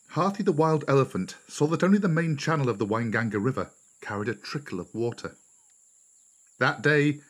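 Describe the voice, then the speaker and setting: A man narrating a storybook aloud, measured and expressive. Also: mid-range voice.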